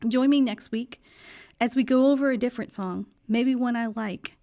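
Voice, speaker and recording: A woman, hoarse and losing her voice, giving her opinions in a casual, chatty vlog. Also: a little high, warm tone. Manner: chatty, opinionated, faith-focused. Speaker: vlog host.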